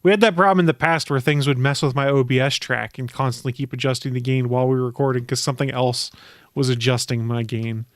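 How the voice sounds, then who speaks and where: A male podcast co-host chats casually and quickly in a mid-range, steady voice, joking and wisecracking throughout. The recording is dry.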